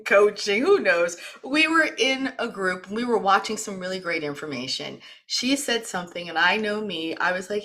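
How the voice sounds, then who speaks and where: A woman's voice: a little high, bright, forceful tone. A woman from the East Coast of the United States hosting a wellness program, chatty and talkative, introducing her guest in a casual live session. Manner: chatty, talkative, laughs often.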